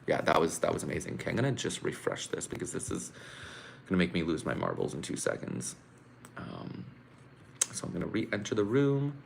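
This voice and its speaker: A man's voice: low voice, huge pitch swings, fairly quick, creaky, a little hiss or hum. A man hosting a casual live stream from home, chatting with viewers and venting his frustration in an exclamatory way. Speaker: live-stream host reacting to a contest. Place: home room.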